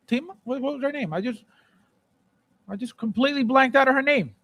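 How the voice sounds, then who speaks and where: A man hosting a casual live stream, chatting with viewers, repeating phrases and breaking into playful shouted bits. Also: very high voice, fairly quick. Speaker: livestream host. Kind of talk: casual live chat reading viewer comments.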